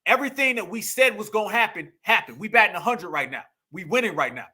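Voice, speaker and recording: A man's voice: high-pitched, lively intonation, quick pace, sharp tone, breathy edge. Fired-up man preaching a political rant. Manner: preachy, emphatic, repeats phrases for punch, profane. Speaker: political commentary host.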